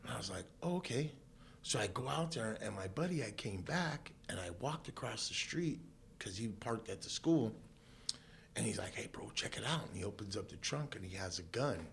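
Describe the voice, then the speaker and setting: A low, gravelly male voice recounts his past in a loose, conversational way, jumping into other people's voices as he goes. He is a podcast guest from Southern California, and a faint hiss of noise sits under the recording. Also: moderate pace. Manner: animated storyteller who acts out quoted voices, laughs often. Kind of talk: casual storytelling interview.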